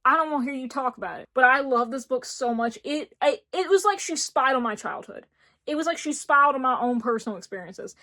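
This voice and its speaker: A woman's voice: high-pitched, expressive, fairly quick, sharp tone. A woman in her twenties from rural Tennessee with an Appalachian accent, gushing in a casual book review chat. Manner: gushing, enthusiastic, emphatic repetition. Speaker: book vlogger.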